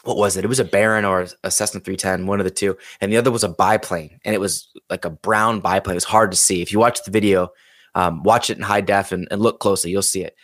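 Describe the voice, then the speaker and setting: Lively storytelling man, low voice. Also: fast, no echo. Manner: animated, acts out his own and others' quoted lines. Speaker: podcast guest, pilot and video creator. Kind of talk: casual storytelling.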